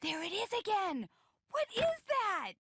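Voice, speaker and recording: A woman's voice: extremely high pitch, very animated, a little slow, pushed and bright, full character voice. An actress voicing a ditzy, cheerful young woman in a cartoon. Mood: airy. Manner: airy, scatterbrained, upbeat.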